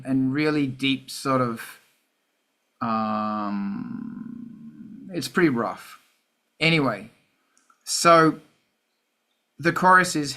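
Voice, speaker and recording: Bright-voiced man, casual and sweary. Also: mid-range voice. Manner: self-deprecating, swears often, reads lyrics aloud. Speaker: podcast host and musician. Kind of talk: casual chat about songwriting.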